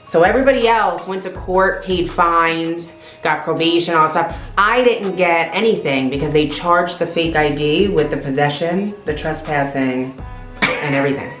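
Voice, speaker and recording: Female vlogger, animated storyteller with a loose, profane delivery; roomy recording with faint music. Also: on the low side, normal speed. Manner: animated, swears freely. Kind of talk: casual storytelling.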